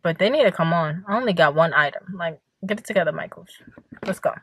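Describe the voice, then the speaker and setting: With a fairly low, fast, slightly bright voice and slight background noise, a young woman chats casually in a vlog from her parked car outdoors on a hot day. She's tired and yawns, and her talk is full of fillers and frequent laughter.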